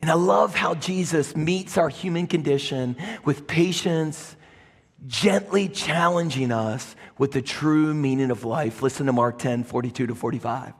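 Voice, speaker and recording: Preaching a sermon in a church sanctuary, a male pastor with a high, husky voice swings between loud bursts and quiet asides at a measured pace. He tells the story with lively, animated emphasis, and his clip-on microphone picks up the hall's long reverb.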